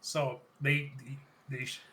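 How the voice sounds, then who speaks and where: A man co-hosting a podcast, recapping in casual chat with animated retellings, quick quoted bits and frequent laughter. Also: mid-range voice, rough recording. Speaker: podcast co-host.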